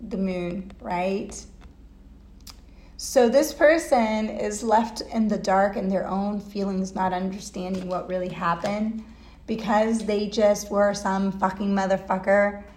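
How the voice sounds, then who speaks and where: A woman giving a casual tarot reading at home, emotional and blunt, swearing freely. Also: medium pitch. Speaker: tarot reader. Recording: echoey room.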